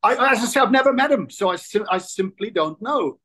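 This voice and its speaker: Animated man in his sixties. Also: high voice, brisk. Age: 60s. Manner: animated storyteller, frequent restarts. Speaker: interview guest. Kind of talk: casual interview chat.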